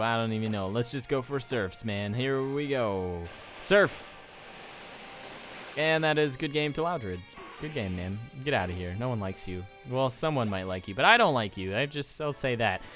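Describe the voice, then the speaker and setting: A man's voice: mid-range voice, fairly bright tone. A young man casually commenting on his gameplay, rambling and joking as he goes. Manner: rambling, joking, reads game text aloud. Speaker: let's play commentator. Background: faint game music.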